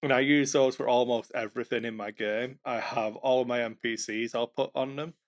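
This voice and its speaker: Mid-range in pitch, steady and moderately paced, this podcast co-host is a game master discussing how he runs tabletop games. The chat is casual and self-mocking, peppered with fillers and false starts.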